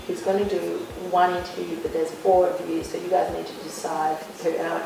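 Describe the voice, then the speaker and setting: An Australian woman, a guest sports broadcaster, telling lively, laughing anecdotes. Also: on the low side, a little fast, vocal fry, few pauses. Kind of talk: animated storytelling. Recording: echoey room, voice from far off.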